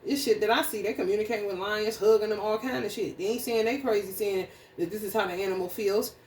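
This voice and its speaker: A woman's voice: medium pitch, fairly even intonation, fast, darkish tone. A woman giving a casual astrology reading that turns into a blunt, heated rant full of profanity. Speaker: astrology reader. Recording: echoey room, distant mic, faint noise.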